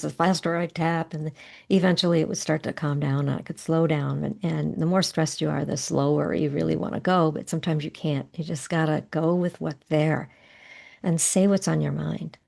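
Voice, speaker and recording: A middle-aged woman coaching a guided tapping exercise, giving gentle, unhurried guidance with soft pauses. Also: deep voice, gravelly.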